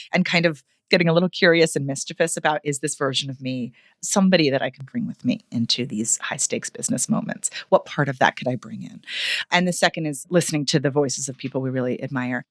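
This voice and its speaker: A woman vocal coach speaking as a podcast guest, expressive and animated, with playful ironic asides. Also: low voice, brisk, dry recording, clean studio sound. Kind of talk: podcast interview.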